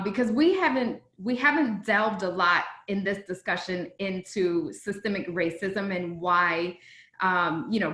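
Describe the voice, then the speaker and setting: A woman panelist speaking earnestly and in measured terms during a panel discussion. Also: medium pitch, a bit bright. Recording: echoey room.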